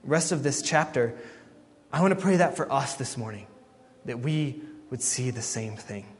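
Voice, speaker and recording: A man preaching a sermon, telling a story in a lively way and acting out the people in it. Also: medium pitch, normal speed, big-room sound.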